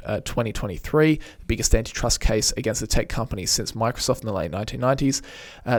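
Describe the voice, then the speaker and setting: Young man with a strained voice. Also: mid-range voice. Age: young adult. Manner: chatty, jokey, lots of fillers. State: unwell, strained voice. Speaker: podcast co-host. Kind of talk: casual podcast chat.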